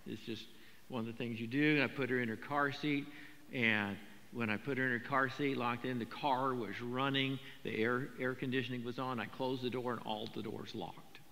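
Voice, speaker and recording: An older man preaching a sermon, talking in a conversational, animated storytelling way with frequent repetitions. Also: mid-range voice, moderate pace, slight background noise. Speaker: pastor. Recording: long hall reverb.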